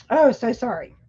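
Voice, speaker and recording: A chatty woman hosts a live stream, her voice pitched high and her delivery slow and unhurried. She has a scratchy, irritated throat, and the sound is a little dull and muffled. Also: husky. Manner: chatty, talks straight to viewers. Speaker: livestream host; schoolteacher. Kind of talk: casual live chat.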